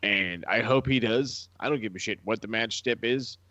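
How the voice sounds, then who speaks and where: A man's voice: on the low side, moderate pace, no echo. A man co-hosting a podcast, ranting and swearing heavily in casual chat. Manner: profane, ranting, animated. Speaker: podcast co-host. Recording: dull, lo-fi sound.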